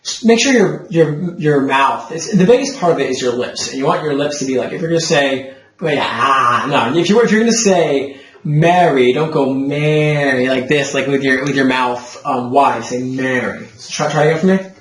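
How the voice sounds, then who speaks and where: A man's voice: mid-range voice, animated, brisk, fairly bright tone, reverberant, rough recording. A young man teaching a patient one-on-one singing lesson, demonstrating vowel sounds for his student.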